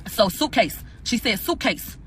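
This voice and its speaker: A woman co-hosting a casual recap, retelling testimony in a profane, animated, ranting way. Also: on the high side, a little slow, a little hiss or hum, rough recording. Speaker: podcast co-host recapping court testimony.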